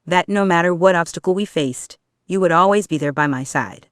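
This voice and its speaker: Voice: mid-range voice, fairly quick, clear, resonant tone, dry recording, studio quality, lightly acted. A reader voicing a brainy teenage male turtle who is crying and speaks in a quivering, sniffling way. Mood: tearful.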